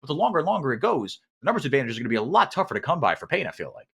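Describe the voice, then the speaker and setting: A man doing live play-by-play commentary on an esports match, calling the action quickly and often repeating words as he thinks. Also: medium pitch, creaky, slightly rough. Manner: rapid, animated calling with frequent repeated words.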